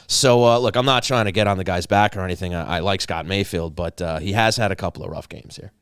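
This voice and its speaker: A man co-hosting a sports talk show, sarcastic, rambling and quick to laugh. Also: low voice, fairly bright tone, smooth, dry recording, clean studio sound. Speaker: podcast co-host. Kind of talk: casual sports chat.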